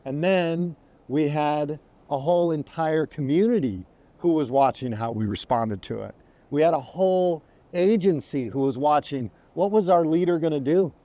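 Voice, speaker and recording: A man's voice: on the high side, dark tone, no echo. A middle-aged man who is a sheriff, speaking earnestly in an interview and repeating phrases for emphasis. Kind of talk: podcast interview, testimony.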